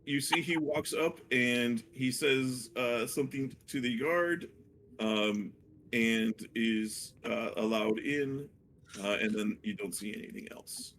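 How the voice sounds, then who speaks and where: A man narrating a tabletop game as dungeon master, hesitant and full of fillers, with a gravelly voice. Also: mid-range voice, slow pace, fairly bright tone, a little hiss or hum. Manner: hesitant, many fillers and restarts.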